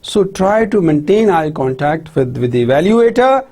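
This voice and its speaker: A lecturer gives a slow classroom lecture on teaching skills. The voice is mellow and a little husky, and the pitch rises and falls a lot. The lecturer keeps checking in with "right?" and "clear?", and asks questions and then answers them. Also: sing-song. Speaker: university lecturer.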